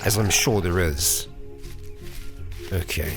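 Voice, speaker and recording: A young man hosts a let's play, chatting through the game and talking to the on-screen characters, breaking into mock fury and laughter. His voice sits low and he speaks slowly, with music playing in the background.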